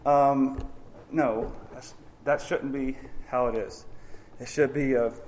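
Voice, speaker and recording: A man's voice: medium pitch, fairly even intonation, measured pace, slight background noise. A man preaching a sermon in a conversational, earnest way, often acting out honest prayers to God.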